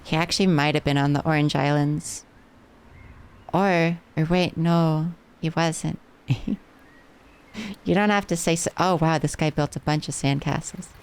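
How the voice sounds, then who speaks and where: Low, smooth-voiced playful woman streamer. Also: fairly even intonation, unhurried. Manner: playful, rambling, chats with viewers. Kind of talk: casual live game-stream chat.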